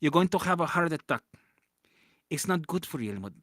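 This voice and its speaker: A man's voice: fairly high pitch, animated, a little fast, a bit bright, no echo, studio quality. A man mimicking his scolding older mother. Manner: scolding, repetitive. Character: older nagging mother scolding her son.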